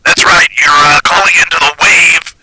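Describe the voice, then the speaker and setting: A man putting on a loud radio call-in DJ announcer voice. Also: a little high, steady tone, normal speed, slightly rough, exaggerated voice, rough recording. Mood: hyped. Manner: shouting announcer.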